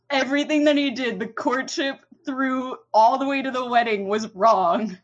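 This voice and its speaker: A woman's voice: high-pitched, measured pace, highs cut off. A woman ranting casually on a podcast, profane and emphatic, laughing as she goes.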